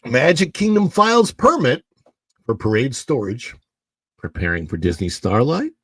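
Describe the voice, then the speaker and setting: A man's voice: medium pitch, very animated, normal speed, a bit bright, slightly rough, dry recording. A man hosting a casual livestream, chatting with his viewers and rambling between news stories. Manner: chatty, rambling, reads news aloud to chat. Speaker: livestream host.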